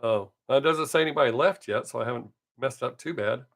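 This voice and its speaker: A man's voice: mid-range voice, fairly quick, gravelly, a bit bright. A man in his fifties, a comic chatting casually on his live stream, rambling and joking crudely, with a slight scratch in his voice. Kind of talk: casual chat.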